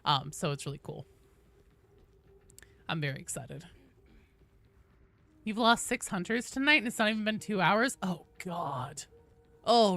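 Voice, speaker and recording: A woman game streamer chatting casually and excitedly on a live stream, greeting viewers by name as she plays. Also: mid-range voice, no echo.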